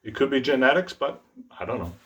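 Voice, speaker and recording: A middle-aged man teaching trombone tonguing in a relaxed, self-deprecating way, speaking out the articulation syllables as he explains them. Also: mid-range voice, fast. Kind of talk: instructional demonstration.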